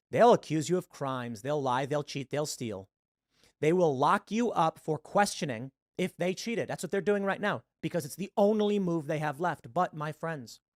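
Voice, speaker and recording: A man delivering a political commentary monologue in a rapid, preachy and urgent way. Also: a little high, no echo, studio quality.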